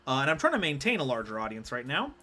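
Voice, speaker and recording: A man's voice: medium pitch, huge pitch swings, racing, bright, forceful tone. A man streaming a card game live, rambling and self-deprecating as he chats with his viewers. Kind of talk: live gameplay commentary.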